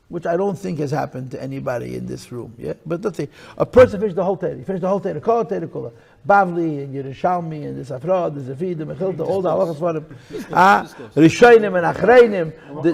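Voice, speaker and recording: A man speaking as a rabbi, lecturing to listeners in a room, emphatic and repetitive, swinging between loud bursts and hushed lines. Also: on the high side, gravelly, breathy edge. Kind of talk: lecture to a live audience.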